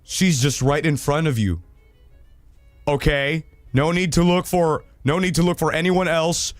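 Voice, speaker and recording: A man hosting a casual livestream, reading viewer stories in an animated, profane way with loud laughter. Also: on the high side, unhurried, no room sound, faint music behind. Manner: animated and profane, laughing loudly, acting out quoted voices.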